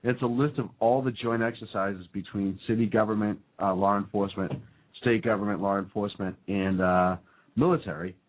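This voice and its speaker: A man's voice: lowish voice, steady tone, brisk. A man co-hosting a casual talk radio show, rambling and reading lists with many fillers. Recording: phone-like narrow band.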